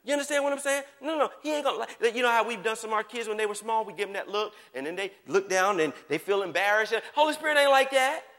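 Speaking fast with few pauses, a male preacher delivers an animated sermon in a high, bright voice that echoes with a long hall reverb. He swings from hushed asides to shouts and repeatedly checks whether the congregation is following.

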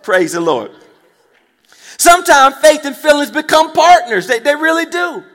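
High-voiced preacher in a reverberant hall. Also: male voice, big pitch swings, normal speed, pushed and bright. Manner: emphatic call-and-response, repeats phrases, checks in with listeners. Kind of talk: sermon. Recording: long reverb of a large hall.

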